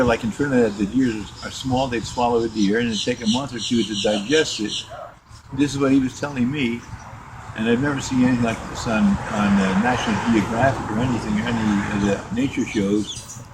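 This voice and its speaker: An older man, mid-pitched and unhurried, tells long rambling stories from his service days, often stopping to restart a sentence. The recording is a casual home interview with steady background noise beneath his voice. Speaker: interviewee telling war stories.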